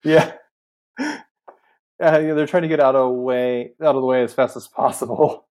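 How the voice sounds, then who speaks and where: A man co-hosting a podcast, chiming in with excited asides and frequent laughter. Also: medium pitch, moderate pace. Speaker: podcast co-host. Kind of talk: casual movie chat.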